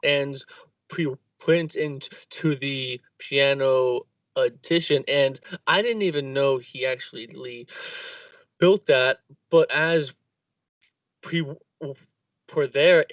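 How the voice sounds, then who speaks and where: A man's voice: medium pitch, takes it slowly, no echo, recorded from a distance. A man in a casual conversation about architecture, searching for words and stumbling as he goes.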